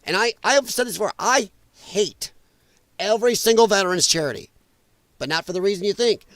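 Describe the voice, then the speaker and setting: High-voiced man ranting angrily. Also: lively intonation, fairly quick, fairly bright tone, no room sound. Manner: angry, profane, emphatic ranting. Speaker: political livestream host. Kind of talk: casual ranting livestream commentary.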